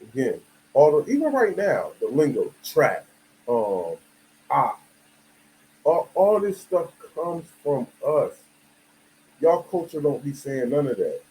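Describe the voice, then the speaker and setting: A man's voice: a little high, big pitch swings, slow pace, long pauses, darkish tone, a little hiss or hum, rough recording. A man from the United States giving a casual, emphatic monologue full of slang and "you feel me" asides. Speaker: video commentator.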